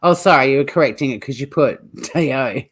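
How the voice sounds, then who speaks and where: A woman's voice: rumbling low, brisk, breathy edge. An Australian woman hosting a livestream, giving chatty, blunt commentary with laughing asides. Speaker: livestream host. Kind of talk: casual live commentary.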